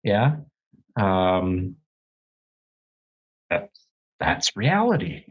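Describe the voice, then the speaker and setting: A man's voice: deep voice, sing-song, very slow, slightly rough, narrow, tinny audio. A man co-hosting a real estate podcast, talking in a heated, blunt, ranting way with some swearing. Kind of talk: casual podcast chat. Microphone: studio podcast microphone.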